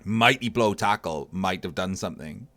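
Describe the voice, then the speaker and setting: A man with a fairly low voice talks through a game match as a tournament caster. He is relaxed and analytical, thinking aloud as he goes. The sound is dry and close, with no room around it. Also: moderate pace, no room sound. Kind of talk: casual game commentary.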